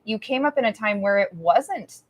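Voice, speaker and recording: A woman's voice: mid-range voice, expressive, normal speed. A woman hosting an author interview at a live event, effusive and affirming, with many fillers. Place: event room with an audience.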